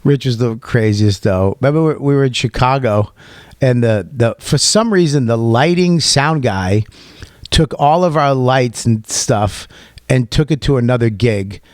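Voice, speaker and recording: A man who is a comedian, telling animated stories as a guest in a radio studio. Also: mid-range voice, measured pace, dry recording. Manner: animated, acts out voices in anecdotes. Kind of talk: casual storytelling. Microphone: studio microphone.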